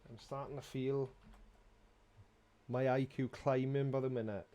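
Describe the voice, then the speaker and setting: A man's voice: mid-range voice, steady tone, measured pace, dark tone. A middle-aged man, casually answering viewers' questions on a live stream in a dry, sarcastic way. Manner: dry, sarcastic, self-mocking.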